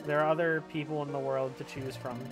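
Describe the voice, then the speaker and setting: A man's voice: on the high side, little pitch movement, fairly quick, natural voice. A man voicing a frightened young man turned into a Pokemon, anxious and pleading, with game music behind. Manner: anxious, pleading, self-doubting.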